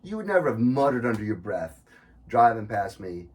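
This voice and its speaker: A man from New York chatting casually as podcast co-host, telling animated, profane stories. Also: on the low side, normal speed, recorded from a distance. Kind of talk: casual chat.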